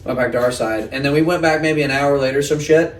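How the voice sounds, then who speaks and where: A man telling a rowdy story in casual podcast chat, profane and animated. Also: medium pitch, fast talker. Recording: echoey room, mic at a distance.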